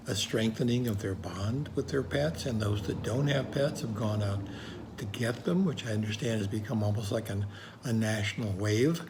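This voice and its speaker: A man's voice: fairly low pitch, darkish tone, a little hiss or hum. A man co-hosting a casual podcast, easygoing, with dry jokes and frequent uhs. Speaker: podcast co-host.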